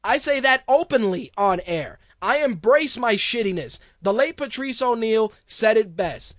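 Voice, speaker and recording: A man's voice: extremely high pitch, expressive, unhurried, a bit bright, no room sound, studio quality. A man hosting a radio show, ranting casually in a heated, profane way with lots of restarts. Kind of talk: casual on-air rant.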